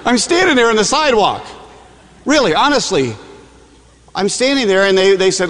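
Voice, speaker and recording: A man's voice: sits high, lively intonation, normal speed, creaky, long pauses, fairly bright tone. Chatty male preacher in a reverberant hall. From Michigan, USA. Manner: conversational, self-deprecating humor, frequent "uh"s. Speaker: campus preacher. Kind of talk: sermon with personal storytelling.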